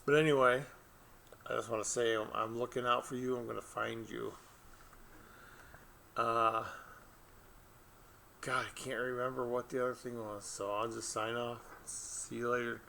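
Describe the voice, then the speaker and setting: A man's voice: mid-range voice, flat delivery, moderate pace, creaky, pauses often, pushed and bright, slight background noise. A middle-aged man, an author, chatting casually to camera and telling a rambling story with frequent laughs. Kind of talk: casual vlog chat.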